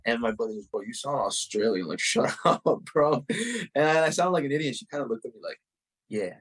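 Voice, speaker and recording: Husky low-voiced man telling stories. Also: fairly quick, poor audio. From Uruguay and the United States. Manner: fills speech with "like" and "you know". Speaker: podcast guest, soccer player. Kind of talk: casual storytelling interview.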